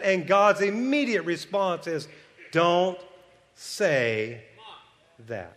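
A male pastor with a notably high voice delivers a sermon. He drops to soft asides and then climbs back to loud, emphatic declarations. The sound carries the long reverb of a big hall. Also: sing-song, extremely slow, long pauses.

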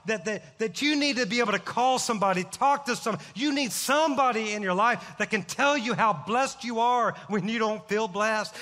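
A middle-aged man, a pastor, preaching a sermon with impassioned, rising shouts. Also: very high-pitched. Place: church sanctuary. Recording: long hall reverb.

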